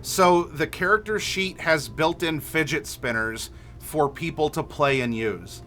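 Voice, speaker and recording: A man's voice: fairly high pitch, measured pace, bright, forceful tone, slight background noise. A man casually chatting on a livestream, reading viewer messages aloud and rambling with lots of filler words. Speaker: streamer reading chat.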